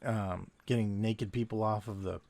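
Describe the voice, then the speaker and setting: A man's voice: on the low side, fairly even intonation, normal speed, creaky, a little mellow, a little hiss or hum. A man telling rambling stories from his days as a security guard while he draws, drifting off topic and chuckling often. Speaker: artist and vlogger, former security guard. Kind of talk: casual storytelling while drawing. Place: home desk at night, drawing.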